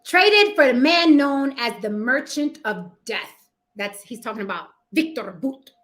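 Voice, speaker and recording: A woman giving casual, profane opinion commentary, with sassy, animated asides to her viewers. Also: high-pitched. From United States. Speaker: commentary vlogger.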